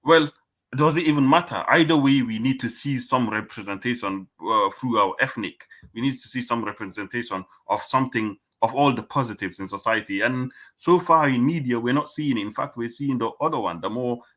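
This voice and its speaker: A man speaks in an impassioned, emphatic way during a casual panel chat. His voice has a bright edge and a middle pitch. He presses his points hard. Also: fairly quick. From Africa. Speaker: panel guest.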